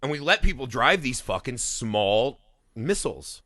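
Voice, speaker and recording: A man in his thirties from Indiana, co-hosting a podcast and telling a story in animated, profane casual chat. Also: mid-range voice, unhurried, dry recording, clean studio sound. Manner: animated storytelling, heavy swearing, laughing. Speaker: podcast co-host.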